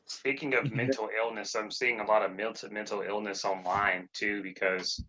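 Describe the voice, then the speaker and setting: A man's voice: lowish voice, normal speed, poor audio. A man co-hosting a wrestling podcast, ranting casually with some swearing. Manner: ranting, animated, profane. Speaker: podcast co-host. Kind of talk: casual chat.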